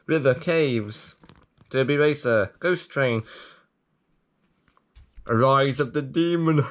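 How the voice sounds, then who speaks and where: A man hosting a video, reading a leaflet aloud with jokey commentary, playful and prone to sudden excited outbursts. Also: mid-range voice, slow. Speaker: video host.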